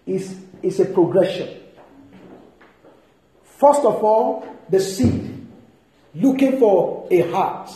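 A man preaching a sermon, emphatic and animated, reading and expounding scripture. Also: sits high, slow pace, pauses often. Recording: echoey hall.

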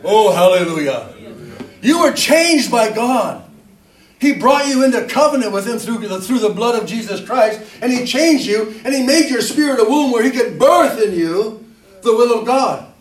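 High-voiced preacher in an echoey hall. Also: male voice, lively intonation, normal speed. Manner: conversational, self-mocking, frequent amens and hallelujahs. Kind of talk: sermon. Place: church hall. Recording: roomy echo, distant mic.

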